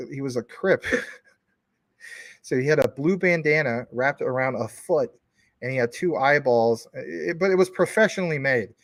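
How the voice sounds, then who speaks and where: A man's voice: mid-range voice, a bit bright, no echo, clean studio sound. A man hosting a live stream from his couch at home, chatting casually with viewers in a rambling, jokey way and teasing commenters. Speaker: livestream host.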